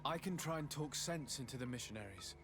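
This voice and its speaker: An actor playing a courteous, composed noble envoy in a role-playing game. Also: male voice, medium pitch, expressive, fairly quick, over music, close to an everyday voice.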